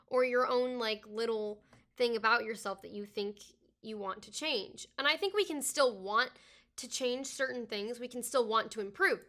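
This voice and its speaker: A young woman with a fairly high, bright, forceful voice chats casually as a guest on a podcast hosted by her father. She comes across earnest and reflective, often starting thoughts with "I think".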